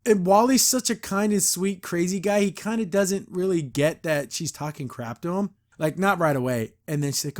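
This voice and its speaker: A high-voiced man hosts a casual cartoon review podcast. He laughs a lot and jumps into quick impressions of the characters as he retells the story. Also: a little mellow. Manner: laughs often, acts out character quotes. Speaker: podcast host. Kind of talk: casual episode review commentary.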